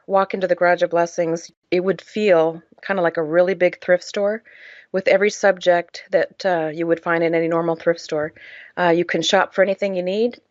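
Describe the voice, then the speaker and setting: A woman's voice: fairly low pitch, darkish tone, no echo, dull audio. A woman guest on a podcast, earnestly telling her personal story in an emotional way, with frequent "uh" fillers. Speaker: podcast guest, charity founder.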